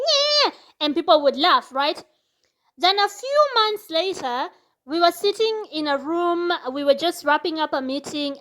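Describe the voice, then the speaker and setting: High-voiced woman vlogging. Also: bright, forceful tone. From Kenya. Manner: earnest, reflective storytelling. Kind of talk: casual monologue.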